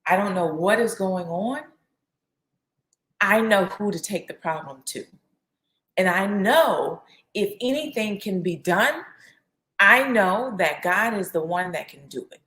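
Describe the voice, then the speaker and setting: A woman's voice: medium pitch, a bit bright. Woman preaching casually in an echoey room. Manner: repeats phrases for emphasis and acts out quotes; casual, uses fillers like "right?" and "you know". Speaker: speaker teaching a faith lesson. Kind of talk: conversational sermon.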